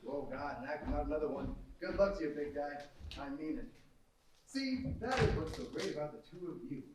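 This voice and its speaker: A young actor on stage playing a slick, fast-talking male Hollywood producer with a glib, salesy manner, heard from far off in an echoey theater. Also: a little high, lively intonation, noisy background, natural voice. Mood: breezy. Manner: glib, salesy, wheedling and brash. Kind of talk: stage play. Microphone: far room mic.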